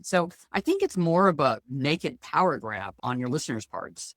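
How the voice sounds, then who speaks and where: A woman's voice: sits low, normal speed, hardly any pauses, no room sound. A middle-aged woman, a financial planner guest, talking bluntly and telling stories in a casual interview. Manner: lively, blunt storyteller.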